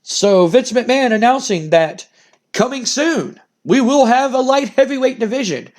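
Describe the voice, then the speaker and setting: High-voiced man narrating a wrestling sim. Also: animated, moderate pace, a little mellow. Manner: rambling, cursing, chuckling. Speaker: game streamer.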